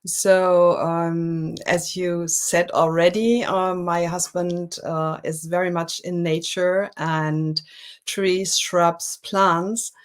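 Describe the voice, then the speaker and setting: A woman with a German accent, a guest in an interview over a video call, speaking warmly and laughing often. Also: lowish voice, fairly even intonation, very slow. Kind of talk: interview conversation. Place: home in France.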